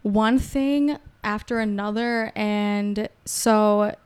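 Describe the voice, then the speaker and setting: A woman's voice: mid-range voice, fairly even intonation, extremely slow, darkish tone, clear, resonant tone. A woman chatting casually as a podcast guest, telling stories and laughing often. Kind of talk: casual chat.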